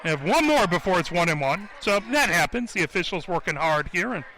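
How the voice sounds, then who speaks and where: A man calling live high school basketball play-by-play for radio, in a rapid running call that rises with excitement on shots. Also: rough recording.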